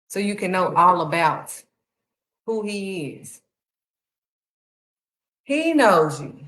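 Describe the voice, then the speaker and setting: Woman preaching heartfelt, in an echoey room. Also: on the low side. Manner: heartfelt, conversational preaching with acted-out quotes. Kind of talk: sermon.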